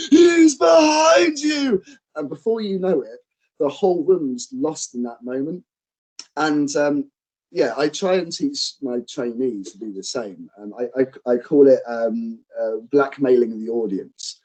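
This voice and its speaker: A male professional wrestler and trainer, a guest telling stories in a casual interview, animated and acting out quotes. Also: mid-range voice, poor audio. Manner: animated, acts out quotes, fillers and restarts.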